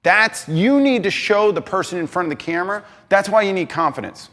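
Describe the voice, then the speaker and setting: A man giving an energetic talk on stage, emphatic and excitable, swinging between loud bursts and quieter asides. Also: sits high, a little fast. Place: large hall on stage. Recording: reverberant hall.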